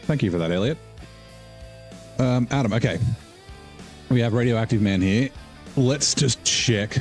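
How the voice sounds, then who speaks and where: A man's voice: mid-range voice, a little slow, darkish tone, faint music behind. A man casually commenting while he live-streams a game, rambling and joking with his viewers. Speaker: gaming streamer.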